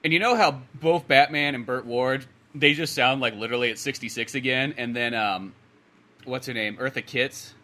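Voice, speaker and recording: A man's voice: mid-range voice, normal speed, pushed and bright. A man co-hosting a podcast, giving casual opinions on a film and rambling, often trailing off and restarting. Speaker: podcast co-host. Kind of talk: casual movie review chat.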